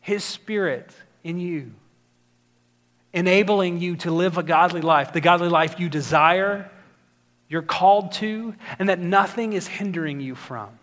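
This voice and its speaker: A man's voice: high-pitched, unhurried, a bit bright. A man preaching a sermon as pastor, earnest and building to emphatic exhortation.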